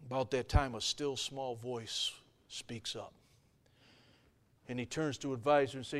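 A man preaching a sermon as pastor, telling a story with lively acted-out voices and swinging from quiet to loud. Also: medium pitch, a little slow, long pauses.

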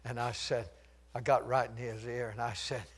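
With a slightly rough, mid-range voice and a flat delivery, an older man preaches at a moderate pace. He moves from loud, shouted pronouncements down to whispered storytelling and chuckles at his own jokes.

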